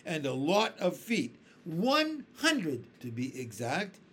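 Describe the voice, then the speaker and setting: Casting: boastful vain storybook centipede, read by a man, proud, bouncy pitch. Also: wildly swooping pitch, slow pace, a bit bright, breathy edge, full character voice. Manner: proud, bickering.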